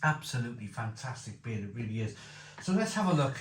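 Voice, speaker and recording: A man's voice: medium pitch, very animated, a little fast. A man reviewing a beer in casual chat, enthusiastic, repeating himself and rambling. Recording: echoey room with faint noise.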